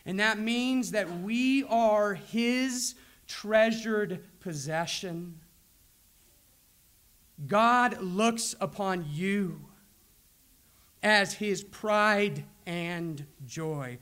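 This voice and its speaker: A man preaching a sermon as a pastor, slow and deliberate, with emphatic pauses. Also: high-pitched, fairly bright tone.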